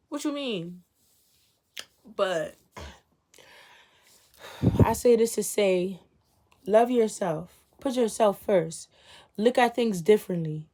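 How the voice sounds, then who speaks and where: A woman's voice: mid-range voice, takes it slowly, long pauses, darkish tone. Young woman vlogger, blunt and preachy, repeats herself, hammers rhetorical questions. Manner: emphatic, repetitive rhetorical questions; blunt and preachy, sometimes swearing. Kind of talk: motivational talk to camera.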